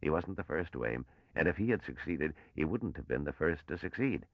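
A man's voice: a bass voice, very animated, fairly quick, no room sound, dull audio, heavily acted. A man playing a weary, bitter old patrician.

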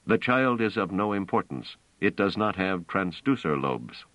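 A man's voice: low-pitched, a little slow, dry recording, voice pushed up, exaggerated voice. A man putting on a cold, literal guard robot. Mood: menacing. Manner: flat, literal, interrogating. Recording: dull, dry audio.

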